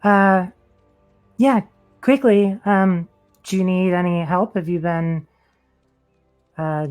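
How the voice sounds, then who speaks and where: A woman playing a tabletop role-playing game who talks in a relaxed, casual way. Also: lowish voice, slow, soft background music. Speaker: player.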